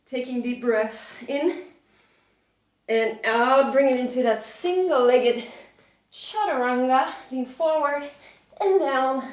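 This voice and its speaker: A woman's voice: high voice, echoey room. A woman yoga instructor, out of breath as she cues a flow while doing it, encouraging throughout. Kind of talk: guided yoga class instruction.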